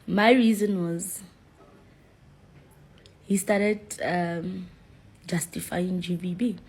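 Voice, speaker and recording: A woman's voice: on the low side, level tone, slow, darkish tone, slightly rough, poor audio. A woman speaking bluntly and casually. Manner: blunt, switches into another language. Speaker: interviewee. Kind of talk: casual chat.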